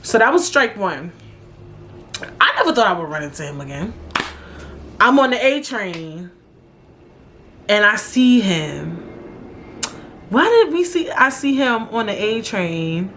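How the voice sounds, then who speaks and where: A young woman from New York hosting a podcast, telling a story in an animated, profane, slangy way. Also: medium pitch, a little slow, long pauses, a little hiss or hum. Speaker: podcast host. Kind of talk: casual storytelling monologue.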